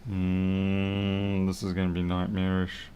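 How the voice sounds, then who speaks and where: A man's voice: sits low, completely flat delivery, takes it slowly, warm tone, slight background noise. A man thinking aloud and muttering to himself as he works through a live repair stream. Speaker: electronics repair technician.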